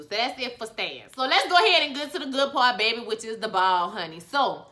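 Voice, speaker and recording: A woman reviewing a TV episode in a casual vlog, sassy and animated, full of ballroom slang. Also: a little high, a little fast. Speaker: TV show reviewer.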